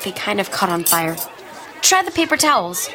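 A woman's voice: medium pitch, very animated, moderate pace, crowd noise, natural voice. An actress playing a good-natured, slightly clumsy teenage girl who talks sheepishly. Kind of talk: radio drama acting.

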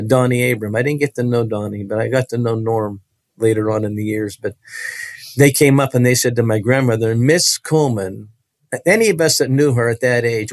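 A man recounting a personal story in an interview. His middle-pitched voice is animated and emphatic. He often circles back to repeat himself, in a dry, close sound. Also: no echo. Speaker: interview guest.

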